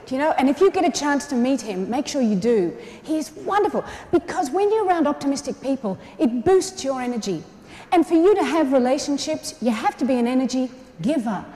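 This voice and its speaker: A woman's voice: high-pitched, fairly quick. A woman with an Australian accent giving a playful, comedic motivational keynote in a large hall. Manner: animated, playful, acts out quoted voices. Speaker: keynote speaker. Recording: echoey hall, faint ambience.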